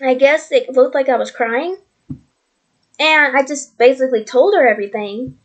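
A woman's voice: sits high, moderate pace. A woman vlogging at home on her computer, talking earnestly and rambling, repeating herself as she shares her faith. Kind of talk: casual faith testimony vlog. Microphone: computer mic.

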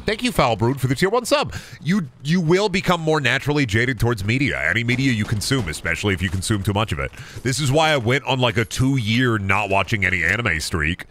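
A man's voice: medium pitch, a bit bright. A man streaming a game, ranting cynically and with plenty of swearing in a casual chat. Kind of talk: casual chat while gaming.

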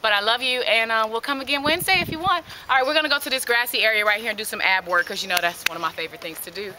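A woman hosting a casual outdoor workout vlog, joking loudly with her friends on a hiking trail. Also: on the high side, very fast, a little hiss or hum. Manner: loud, joking, animated banter. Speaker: vlog host. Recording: music playing over the talk.

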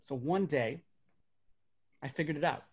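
A man, a magician and speaker in his thirties, telling comic personal stories to a virtual audience on a webcam setup, animated, and dropping to quiet for serious beats. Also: on the high side, measured pace, husky. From Burbank, United States. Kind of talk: stand-up storytelling for a virtual audience.

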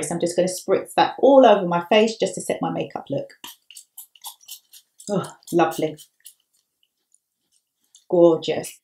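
A woman's voice: fairly low pitch, darkish tone. A woman makeup artist talking through a tutorial step by step in a chatty, upbeat way.

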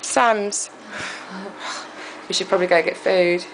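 A woman and mother, joking with a friend at home and making up quick rhymes. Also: fairly low pitch, steady tone. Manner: quick-witted, rhymes on the spot, jokey. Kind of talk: casual chat among friends. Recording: noisy home video.

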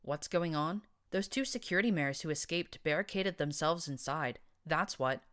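A woman's voice: low-pitched, moderate pace, fairly bright tone. A woman doing a whiny scrawny stallion. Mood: anxious. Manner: whiny, anxious, muttering. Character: scrawny nervous whining young stallion.

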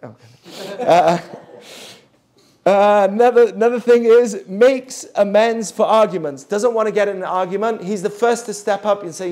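A man teaching a Jewish ethics class, animated, acting out the voices of the people he quotes. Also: high voice, moderate pace.

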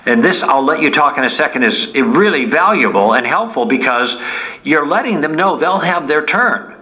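A man's voice: fairly high pitch, expressive, moderate pace, pushed and bright, low-quality recording. A man teaching a lesson in a conversational way, often checking in with "okay?" and acting out friendly sample lines. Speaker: Bible teacher. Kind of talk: teaching talk.

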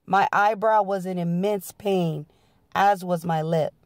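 A woman's voice: lowish voice, steady tone, slow, no echo, clean studio sound. A woman hosting her channel, reading a memoir aloud in an earnest storytelling style. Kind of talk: dramatic audiobook-style reading.

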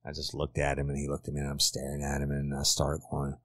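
A man's voice: rumbling low, monotone, fast, fairly bright tone, dry recording. A middle-aged man, a former detective, bluntly retelling a crime case in a casual, profane way. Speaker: former detective, podcast host. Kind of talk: true crime storytelling.

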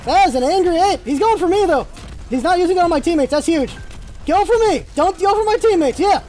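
A let's play host giving excited gameplay commentary, yelping, swearing freely and repeating words in rapid bursts. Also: extremely high pitch, faint music behind. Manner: swears freely when things go wrong.

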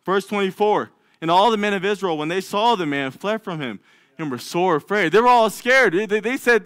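A man delivers a sermon in a church, his voice pitched a little high and recorded close and dry. He reads scripture with the odd stumble and slips into voicing the characters' doubts. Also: expressive, brisk, a bit bright, dry recording. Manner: acts out biblical figures' doubts in a raised voice. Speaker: lay preacher.

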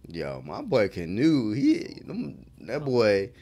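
Watching an anime episode, a man reacts casually, excitable and profane, laughing a lot and talking back at the screen. His pitch is fairly low and his pace slow.

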